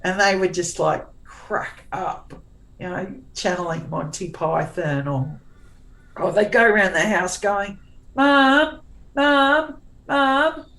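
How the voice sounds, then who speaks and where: A woman's voice: lowish voice, unhurried, a bit bright, poor audio. A middle-aged woman talking casually as an interview guest. She is forthright and sarcastic, and she often restarts her sentences.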